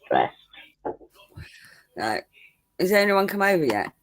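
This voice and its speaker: A woman co-hosting a casual livestream who talks at a slow, unhurried pace. She teases her co-host, laughs often and reads out greetings to viewers by name. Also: lowish voice, very animated.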